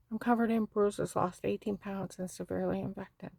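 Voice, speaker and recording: A woman's voice: mid-range voice, steady tone, brisk, gravelly, mellow, no room sound. A woman giving a rambling, fragmented personal testimony.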